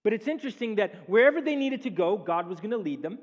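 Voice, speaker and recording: Male pastor with a high voice and an animated sermon delivery, recorded with long church reverb. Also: fast talker. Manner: animated preaching, acts out quoted speech. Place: church sanctuary.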